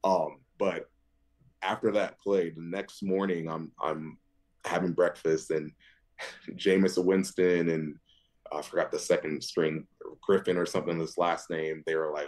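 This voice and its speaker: A man in his thirties, a football linebacker, telling animated stories as a podcast guest, often laughing and jumping high in pitch when quoting others. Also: unhurried. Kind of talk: animated storytelling.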